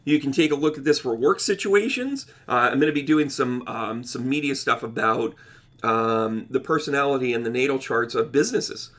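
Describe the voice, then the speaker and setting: Male channel host, bright tone, mid pitch, casual rambling explainer who talks straight to camera. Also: normal speed. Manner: rambling, self-correcting, chatty, addresses viewers directly. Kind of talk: casual explanatory talk over charts.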